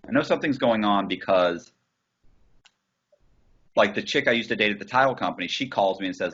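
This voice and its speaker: A man guest in an interview, telling his story in a blunt, profane, animated way over a video call. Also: lowish voice, brisk, breathy edge, highs cut off. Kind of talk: casual storytelling.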